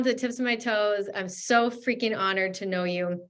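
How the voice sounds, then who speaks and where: A host on a video call who gushes with affection and gratitude, her voice often dropping soft and low. She then guides the group through slow breathing, grounding them. Her pitch is mid-range for a woman. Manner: effusive, gushing, softly spoken. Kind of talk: closing remarks and guided breathing.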